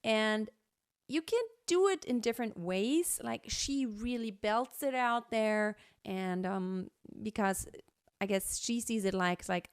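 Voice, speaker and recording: Slow-talking woman singing teacher. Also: mid-range voice, clean tone, no echo, studio quality. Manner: relaxed, chatty explaining with many fillers. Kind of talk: vocal lesson with sung demonstrations.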